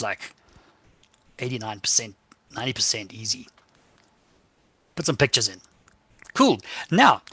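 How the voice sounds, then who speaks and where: A man's voice: on the high side, sharp tone, no echo. A man teaching a computer skills class live online, walking through the steps on screen in a casual, joking way and often checking in with "okay?".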